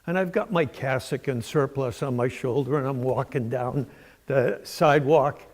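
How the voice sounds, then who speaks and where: An older man from Massachusetts giving a sermon in a church, telling stories in a folksy, unhurried way with fillers. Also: mid-range voice. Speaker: preacher. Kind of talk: sermon with storytelling. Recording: long church reverb.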